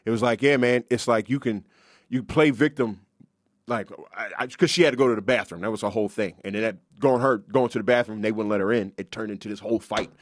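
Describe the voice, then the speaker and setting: A man co-hosting a podcast, telling stories in animated, profane casual chat. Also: fairly low pitch, fast talker, dry recording, clean studio sound. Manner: animated storyteller, swears freely. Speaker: podcast co-host. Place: podcast studio.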